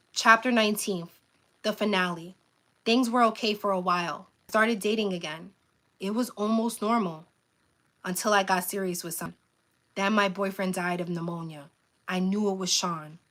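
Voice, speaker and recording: A woman hosting a live stream, reading a memoir aloud with frequent stumbles and self-corrections, pausing to plead with her viewers. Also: mid-range voice, fairly bright tone. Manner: earnest pleas to viewers, frequent "um". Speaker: channel host reading a book aloud.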